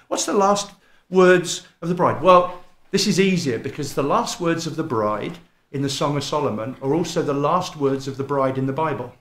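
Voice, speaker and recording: A man preaches with fervour, his voice a touch higher than most men's. He swells into loud, emphatic climaxes and then falls back. The sound rings around an echoey hall. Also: lively intonation, moderate pace, hardly any pauses. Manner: impassioned, rising to loud emphatic peaks. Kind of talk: sermon. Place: mission hall.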